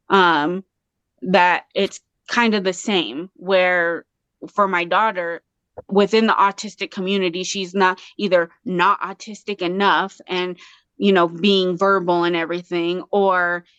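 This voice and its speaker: A woman's voice: lowish voice, fairly bright tone, no echo. A woman from Colorado, a guest on an interview show, talking earnestly and passionately with many restarts. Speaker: guest artist and mother. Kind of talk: casual interview talk.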